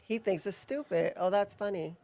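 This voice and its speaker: A woman's voice: mid-range voice, moderate pace, mellow. A woman co-hosting a wrestling watch-along, giving live reaction commentary with playful, laughing banter.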